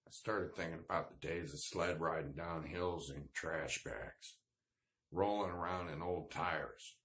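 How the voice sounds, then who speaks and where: A man's voice: deep voice, a little slow, a bit bright. A man telling a rambling, self-deprecating story in a casual vlog, with lots of fillers. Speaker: vlogger.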